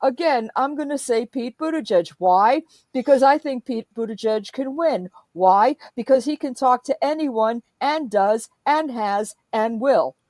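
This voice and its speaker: Lady going off on a sweary political rant, kinda high voice, dry close sound. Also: animated, measured pace, hardly any pauses, a little mellow, no echo. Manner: profane, emphatic, fired-up.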